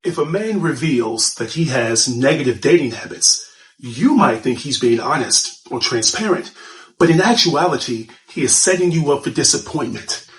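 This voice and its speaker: A man's voice: mid-range voice, expressive, normal speed, low-quality recording. A man giving an earnest, warning advice monologue.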